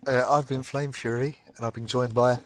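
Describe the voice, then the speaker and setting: A man's voice: mid-range voice, little pitch movement, moderate pace. A man hosting a casual gaming podcast, joking and playful. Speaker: podcast host.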